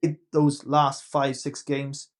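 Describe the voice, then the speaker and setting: A man's voice: medium pitch, completely flat delivery, slow pace. Man telling a story, playing out the dialogue. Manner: vivid anecdotes acting out quoted dialogue. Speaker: podcast guest, business and mindset coach. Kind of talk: casual storytelling.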